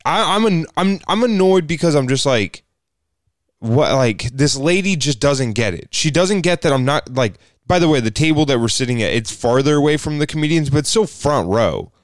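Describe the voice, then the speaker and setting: A man co-hosting a podcast, telling a story in casual chat, animated and profane, acting out the people in it. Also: fairly high pitch, a little fast, hardly any pauses, no room sound, studio quality. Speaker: podcast co-host.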